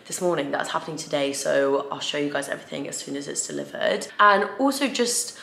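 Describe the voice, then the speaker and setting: A young woman from England, chatting casually in a filler-heavy vlog, slightly raspy and tired. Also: low-pitched, animated, brisk, a bit bright, slight background noise. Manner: chatty, filler-heavy, emotional and choked up at times. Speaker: fitness vlogger. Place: home room, indoors. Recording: echoey room.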